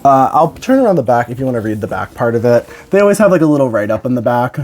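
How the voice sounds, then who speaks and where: A tired young woman and doll collector, chatting casually in an unboxing vlog. She is excitable and emotional, swears freely, and laughs often. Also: rumbling low, fast talker.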